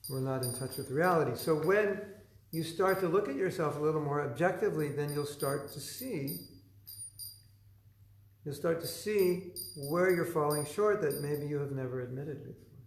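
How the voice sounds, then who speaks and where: A man's voice: a little high, moderate pace, echoey room, a little hiss or hum, poor audio. A man giving a spiritual class in a conversational style, acting out the voices people use in their heads and often laughing. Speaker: spiritual teacher. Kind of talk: lecture reading from his own book. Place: lecture room.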